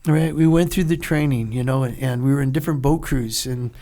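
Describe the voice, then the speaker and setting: Gravelly older man telling war stories. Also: medium pitch, brisk, mellow. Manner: rambling, laughs often, acts out quoted voices. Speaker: guest, Vietnam-era Navy SEAL. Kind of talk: casual storytelling interview.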